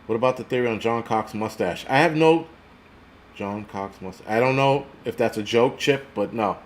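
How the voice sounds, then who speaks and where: A man's voice: medium pitch, moderate pace. A man in his forties hosting a casual livestream, ranting bluntly and profanely and reading out viewer comments. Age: 40s. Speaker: host.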